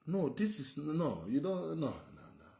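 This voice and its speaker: Animated Nigerian man, emphatic monologue. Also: fairly high pitch, normal speed, gravelly. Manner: emphatic, repetitive, rambling. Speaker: host. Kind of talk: opinionated monologue.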